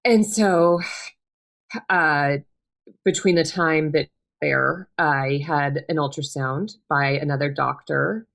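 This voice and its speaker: A woman in her thirties, a podcast guest telling a personal story in a quiet, subdued, halting way, with many fillers and restarts. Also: sits low, creaky. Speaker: podcast guest, bereaved mother.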